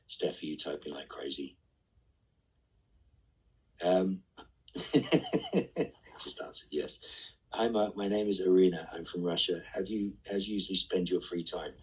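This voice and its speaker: A man's voice: sits low, animated, slow pace, long pauses, a little mellow, slightly rough, distant mic, rough recording. A middle-aged man reading fan questions aloud on a live stream and answering them with dry, wry quips. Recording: voice set back from the mic.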